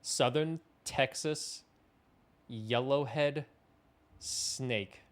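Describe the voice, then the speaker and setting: A young man live-streams a game, chatting casually in a rambling, self-deprecating way and swearing offhandedly. His voice is medium in pitch and he drags out his words.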